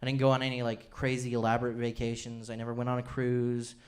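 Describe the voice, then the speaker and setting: Before a laughing comedy club audience, a young Utah man does stand-up with a handheld mic, chatting away, poking fun at himself, and slipping into quick impressions of his family. His mid-range voice is monotone.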